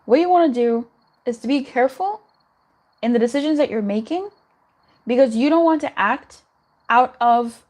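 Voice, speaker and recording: A young woman doing a live tarot reading in a chatty, reassuring way, giggling and swearing now and then. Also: a little high. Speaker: tarot reader.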